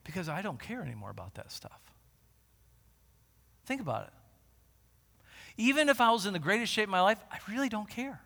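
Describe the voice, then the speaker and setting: A high, bright-voiced man in his forties delivers a lively sermon, dropping to near-conversational asides and then surging into loud, emphatic repetitions. His voice rings out with a long reverb, as in a large church hall. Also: fairly quick, creaky, long pauses. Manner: animated, swings from quiet asides to loud emphatic bursts. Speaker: pastor.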